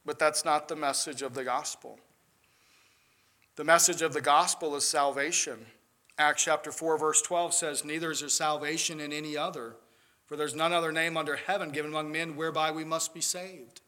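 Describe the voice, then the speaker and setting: A man's voice: fairly high pitch, moderate pace, sharp tone. A man preaching a sermon as pastor, earnest and building to emphatic peaks.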